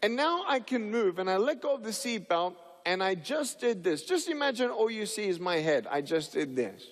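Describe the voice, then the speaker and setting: A man's voice: high-pitched, big pitch swings, normal speed, big-room sound. A man giving a humorous speech to an audience, telling stories playfully and acting out scenes, with many fillers and restarts. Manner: playful storyteller who acts out scenes. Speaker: public speaker.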